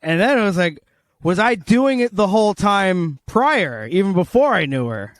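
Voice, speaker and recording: A man's voice: high voice, sing-song, moderate pace. A man co-hosting a casual comedy podcast, rambling and joking with a slight lisp and plenty of swearing. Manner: rambling, jokey, swears freely. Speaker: podcast co-host.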